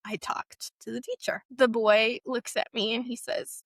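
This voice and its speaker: A young woman tells a painful story from her past, her voice sitting a little high. She speaks haltingly and with feeling, often pausing on fillers as she searches for words. The sound is dry, with no room around it. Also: little pitch movement, no echo. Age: young adult. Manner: halting, emotional retelling with frequent fillers. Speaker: guest sharing a personal story. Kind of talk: personal storytelling.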